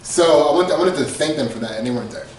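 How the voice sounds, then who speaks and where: A man's voice: a little high, lively intonation, quick pace, a loud crowd. A man co-hosting a podcast, telling a comedic story casually, laughing often and acting out quotes. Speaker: podcast co-host. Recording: echoey room, far from mic.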